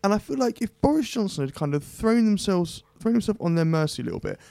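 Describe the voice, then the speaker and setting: A man hosting a studio political panel, firing off quick, challenging questions. He talks fast in a high, lively voice that moves up and down a lot. The mic is close and dry. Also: creaky, no room sound. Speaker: presenter.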